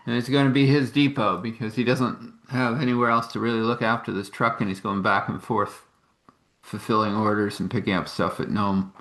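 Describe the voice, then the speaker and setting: A man's voice: on the low side, steady tone, brisk, a bit bright, echoey room. A man telling a meandering improvised story, with laughs and restarts.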